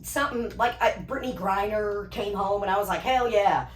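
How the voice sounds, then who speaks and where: A woman's voice: medium pitch, a little fast. A woman co-hosting a podcast in casual chat, telling stories with swearing and frequent laughter. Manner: storytelling, swearing, laughing often. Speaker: podcast co-host. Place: comedy club green room. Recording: roomy room with faint background noise.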